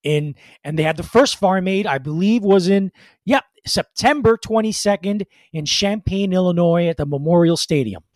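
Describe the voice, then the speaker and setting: A man's voice: high-pitched, animated, normal speed, darkish tone, no echo. A man co-hosting a podcast, chatting loosely about music history with many fillers and restarts. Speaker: podcast co-host.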